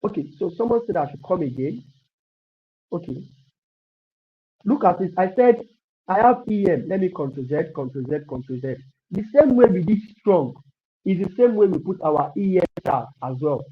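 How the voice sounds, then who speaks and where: A man with a high, animated voice teaches web coding live online at a normal speed, his sound coming through as dull lo-fi stream audio. Repetitive and encouraging, he thinks aloud as he types.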